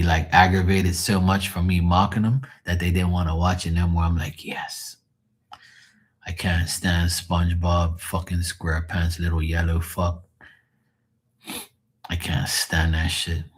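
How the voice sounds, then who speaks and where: A man with a deep, husky voice chatting loosely on a live stream. He tells rambling stories full of swearing and chuckles, with a rough, breathy edge to his speech. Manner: profane, storytelling, chuckling. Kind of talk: casual rambling chat.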